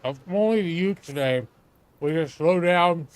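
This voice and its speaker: A man voicing a fussy old man who scolds young people, in a slow grumbling way. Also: fairly high pitch, a little hiss or hum, voice pushed up, close to an everyday voice. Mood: scolding.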